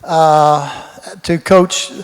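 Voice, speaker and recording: Old guy in his 80s, folksy rambling stories, kinda high voice, big hall echo. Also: steady tone, very slow, clean tone. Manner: folksy, rambling, repeats words. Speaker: retired football coach. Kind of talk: storytelling in a Q&A. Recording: roomy hall reverb.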